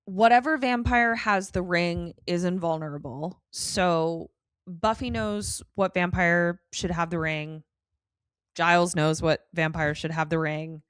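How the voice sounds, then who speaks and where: A middle-aged woman co-hosting a podcast, recapping an episode in a casual, animated way and slipping into quoted voices. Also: on the low side, unhurried, smooth, no echo, studio quality. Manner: animated storytelling, slips into quoted voices, swears. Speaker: podcast co-host.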